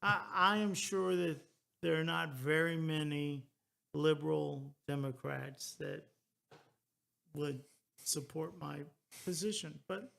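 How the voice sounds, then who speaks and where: A man in his early sixties hosting a talk radio show, earnest and halting, repeating words as he goes. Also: a little high, vocal fry, fairly bright tone. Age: 60s. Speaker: radio host. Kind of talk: casual talk radio chat.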